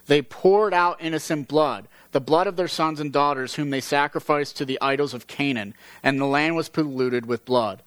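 A man teaching from the Bible, reading passages aloud at a measured pace and explaining them. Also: on the high side, a bit bright, no echo, low-quality recording. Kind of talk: reading scripture aloud with commentary.

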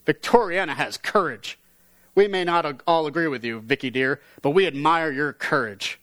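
A man's voice: a little high, moderate pace, fairly bright tone, no room sound, lightly acted, low-quality recording. A man reading aloud voices a chorus of smug, gushing art snobs in his own voice.

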